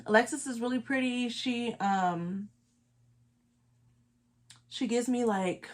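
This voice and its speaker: A beauty vlogger from Los Angeles, California chats casually while doing her makeup, emphatic and repeating her points. Her voice is fairly high and she speaks slowly.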